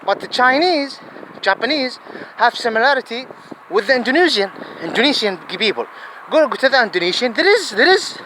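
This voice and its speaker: A man with a fairly high voice talks earnestly outdoors. He rambles, doubles back and repeats his phrases. Wind buffets the microphone loudly. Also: big pitch swings, a little fast, low-quality recording. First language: Arabic. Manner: earnest, digressive, repeats himself. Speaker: vlogger. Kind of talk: casual outdoor monologue. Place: outdoors in a city. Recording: wind noise on the mic.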